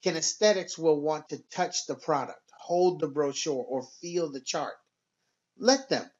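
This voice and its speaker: A man giving a scripted sales training narration in an instructive, measured and emphatic way. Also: fairly high pitch, darkish tone, dull audio.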